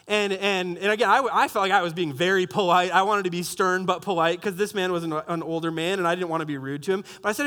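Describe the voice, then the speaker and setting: A young adult man telling a story in a sermon, animated and self-mocking, with many restarts. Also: high-pitched, quick pace, few pauses. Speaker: pastor.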